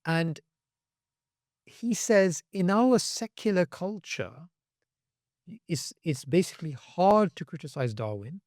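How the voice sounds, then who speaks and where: Animated man, slightly high voice. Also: slow, long pauses, no room sound, studio quality. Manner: animated, acts out quoted voices with sharp pitch jumps. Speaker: podcast guest. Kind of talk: podcast conversation.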